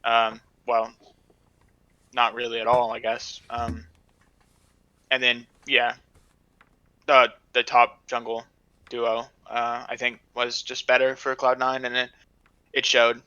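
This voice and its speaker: Bright, hesitant man on a lo-fi mic. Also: mid-range voice, monotone, takes it slowly, long pauses, smooth, dry recording. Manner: hesitant, lots of fillers and trailing off. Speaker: podcast co-host. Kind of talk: casual esports analysis chat.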